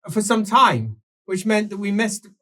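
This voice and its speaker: A man's voice: high-pitched, very animated, unhurried, sharp tone. A man telling his character's story in an improvised tabletop game, rambling with many fillers and restarts.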